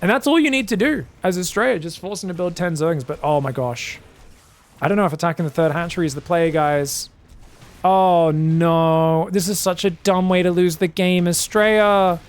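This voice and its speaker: A man giving solo commentary on a strategy game match, excitable and chatty, bursting into shouted reactions and talking straight to his viewers. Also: high voice, a little fast. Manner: chatty asides, addresses viewers as guys. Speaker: esports caster.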